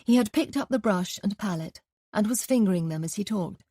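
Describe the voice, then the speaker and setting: A woman narrating a mystery audiobook in an even, measured reading. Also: medium pitch, breathy edge, dry recording, studio quality. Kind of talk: scripted narration.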